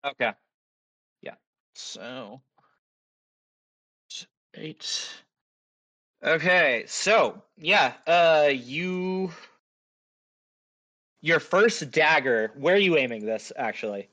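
A game master narrating a tabletop session in an unhurried way, with a bright, forward voice. He stops and starts as he works out what happens next, filling the gaps with pauses. A man runs the game. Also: fairly high pitch, expressive. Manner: halting, thinking aloud with frequent pauses.

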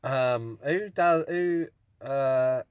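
A man's voice: medium pitch, extremely slow, clean tone, no room sound. A British man co-hosting a podcast in casual chat, easygoing and amused. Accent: British English. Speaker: podcast co-host.

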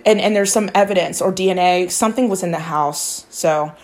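A woman's voice: lowish voice, fairly quick, darkish tone, soft background music. A woman talking casually to her viewers as a psychic true-crime vlogger, rambling and confiding, with casual swearing and frequent restarts. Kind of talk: casual chat to camera.

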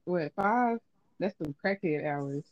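A man's voice: a little high, lively intonation, slow, no room sound, muffled recording. A young man, a student, chatting as a podcast guest in a playful, laughing way. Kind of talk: casual podcast banter.

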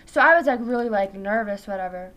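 A woman's voice: medium pitch, expressive, fast talker, a bit bright. A teenage girl chatting casually in a vlog, rambling and peppering her talk with "like". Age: teens. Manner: rambling, full of "like" fillers. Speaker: vlogger.

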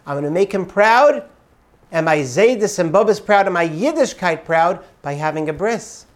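A man, a rabbi, telling an inspirational story with dramatic swings between loud and soft. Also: high voice, lively intonation, moderate pace.

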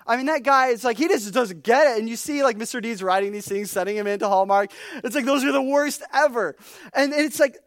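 A woman preaching a casual, humorous sermon, chatty and animated, with many fillers. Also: on the high side, brisk, no room sound. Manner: chatty, animated, uses lots of "like".

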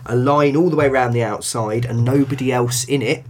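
A man's voice: mid-range voice, steady tone, fairly quick, slight background noise. A man co-hosting a casual board game podcast, joking and slipping into silly voices. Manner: jokey, drifts into silly voices. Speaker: podcast co-host.

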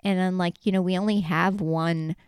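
A woman's voice: fairly low pitch, steady tone, normal speed, clear, resonant tone, no room sound, studio quality. A woman talking casually and earnestly about her faith, rambling and correcting herself as she goes. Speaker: Christian speaker.

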